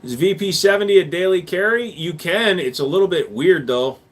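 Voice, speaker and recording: A man hosting a casual livestream, answering viewers' chat questions in a blunt, offhand way with plenty of jokes. His speaking voice sits a little on the high side. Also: moderate pace.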